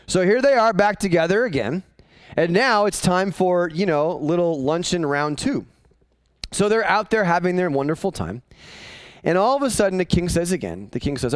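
Animated, high-voiced man preaching. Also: moderate pace, dry recording. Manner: animated, conversational storyteller with jokes. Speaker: pastor. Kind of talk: sermon.

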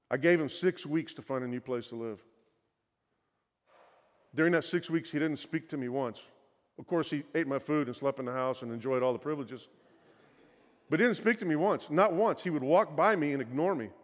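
A middle-aged pastor preaching a sermon, telling a personal story in an earnest voice that often drops to a quiet, confiding tone. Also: male voice, fairly high pitch, animated, normal speed, pauses often. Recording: long hall reverb.

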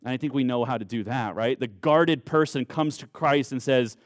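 A man's voice: medium pitch, dry recording. Earnest male preacher, dry sound. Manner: earnest preaching, slow emphatic phrases. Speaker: pastor. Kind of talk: sermon.

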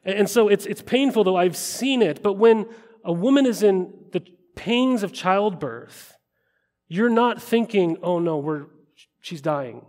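A man's voice: high voice, a little slow, darkish tone. A middle-aged male pastor preaching a conversational sermon, often asking his listeners questions.

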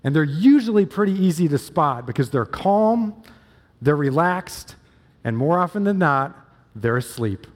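Pastor preaching in a reverberant hall. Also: male voice, on the high side, animated, measured pace. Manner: storytelling, emphatic with repeated phrases. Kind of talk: sermon.

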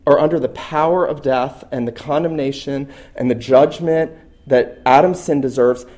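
A middle-aged man preaching a sermon as pastor, emphatic, swinging between loud stresses and quiet asides. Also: moderate pace. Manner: emphatic, rising to loud stresses and then dropping low.

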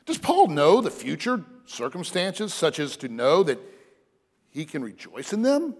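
A man preaching a sermon as pastor, earnest and emphatic, sometimes dropping to a hushed, soft delivery. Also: fairly high pitch, huge pitch swings, a little slow, breathy edge. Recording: long reverb of a large hall.

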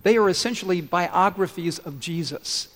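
A man's voice: high-pitched, normal speed, fairly bright tone. A man pastor preaching a sermon in a large church, earnest and conversational, putting questions to the congregation. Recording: long hall reverb.

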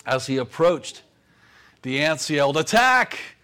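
A man, a pastor, preaching a sermon with measured pauses. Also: mid-range voice.

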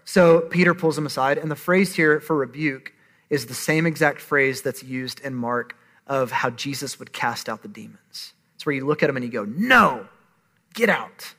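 A man's voice: medium pitch, fairly even intonation, moderate pace, a bit bright. A man in his thirties preaching a sermon, conversational and emphatic. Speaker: pastor.

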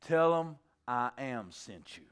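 A man's voice: medium pitch, animated, slow, smooth, voice pushed down. A man preaching and voicing God as a casual, reassuring elder who talks in slang.

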